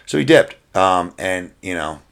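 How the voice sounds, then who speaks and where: Profane, animated man telling a story. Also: low voice, unhurried, vocal fry. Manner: animated, profane, laughs through stories. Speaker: podcast co-host and wrestling event booker. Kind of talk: casual podcast storytelling.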